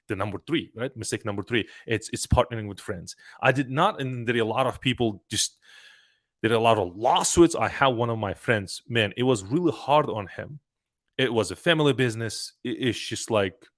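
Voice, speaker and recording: A young man who owns a trucking business, talking casually and giving advice in an animated way, often repeating words and starting sentences over. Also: medium pitch.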